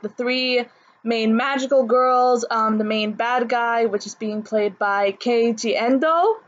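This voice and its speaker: A woman's voice: on the high side, highs cut off. A woman talking casually in a vlog, chatty and full of fillers and restarts. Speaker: anime vlogger.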